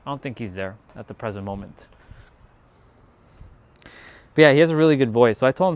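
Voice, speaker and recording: A man's voice: medium pitch, lively intonation, brisk, pauses often, darkish tone, smooth. A man chatting on a casual livestream from outdoors in a yard, rambling and encouraging.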